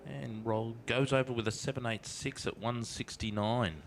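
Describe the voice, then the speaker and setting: A man's voice: mid-range voice, fairly even intonation, moderate pace, creaky, soft background music. A man commentating live drag races, reading out reaction times and speeds in a laid-back way. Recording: raceway engine noise behind.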